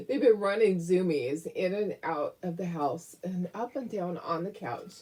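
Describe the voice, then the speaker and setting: A woman's voice: lowish voice, expressive, moderate pace, few pauses, darkish tone, breathy edge. A woman hosting a craft live stream, chatting casually, rambling with lots of fillers and frequent laughs. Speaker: craft show host.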